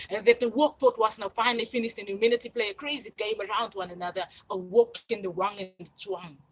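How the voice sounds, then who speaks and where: Woman, forties, slightly high voice, repetitive, insistent livestream monologue. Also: fairly bright tone, low-quality recording. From South Africa. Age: 40s. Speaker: channel host.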